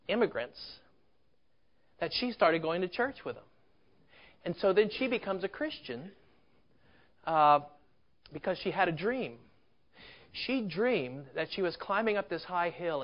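A male preacher tells a story from the pulpit in a slightly higher voice. He stays conversational, with rhetorical questions and asides. The recording sounds muffled and lo-fi. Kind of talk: storytelling sermon. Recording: dull lo-fi recording.

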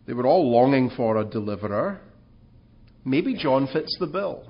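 A man's voice: medium pitch, animated, normal speed, lo-fi sound. A man preaching a sermon in an earnest way, asking rhetorical questions and rising in emphasis.

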